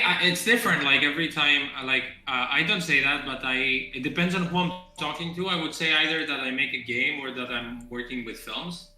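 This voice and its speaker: A game developer for whom is a chats casually on a stream, stopping and repeating words as he hunts for phrasing. His voice is very bright and forward. The sound carries a noticeable room echo. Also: mid-range voice. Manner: halting, restarts and repeats words, chuckles often. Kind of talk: casual chat on a dev stream. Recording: echoey room.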